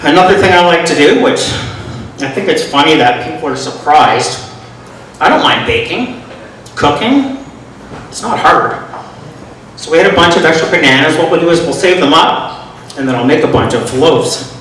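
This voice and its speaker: Middle-aged man doing stand-up, self-deprecating and deadpan, on a mic set back in a very echoey club. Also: a little high, normal speed, long pauses, a little hiss or hum. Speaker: stand-up comedian. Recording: echoey room, mic from far off.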